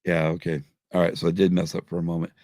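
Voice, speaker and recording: A man's voice: deep voice, monotone, fast, mellow, dry recording, studio quality. A middle-aged man hosting a podcast live stream, rambling and swearing constantly while drinking. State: drinking, tipsy. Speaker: podcast host. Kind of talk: casual live-stream chat.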